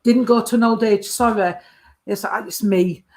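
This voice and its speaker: A woman's voice: medium pitch, steady tone, normal speed. Woman giving a psychic reading. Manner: warm endearments, calls the sitter sweetheart and darling. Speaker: medium.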